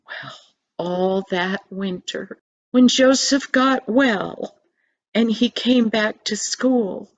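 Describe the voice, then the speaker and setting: An older woman telling a children's story slowly and expressively, with dramatic pauses. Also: fairly high pitch, lo-fi sound.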